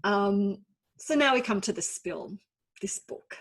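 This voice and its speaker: A woman's voice: medium pitch, animated, slow pace. A woman in her forties with an Australian accent, an author giving an online talk in a chatty, self-deprecating storytelling manner. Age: 40s.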